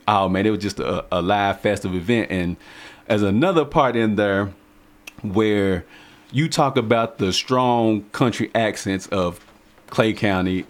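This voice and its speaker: A man with a Kentucky country accent hosting a casual radio interview in a studio, chatty, laid-back and joking. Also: fairly low pitch. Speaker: radio show host.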